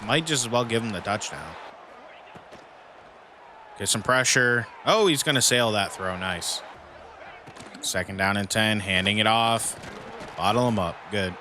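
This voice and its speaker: A man's voice: fairly low pitch, pushed and bright, a little hiss or hum. A man casually commenting on his own football video game, often venting and frustrated at his team, with mild cussing. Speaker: gaming YouTuber playing a football dynasty mode.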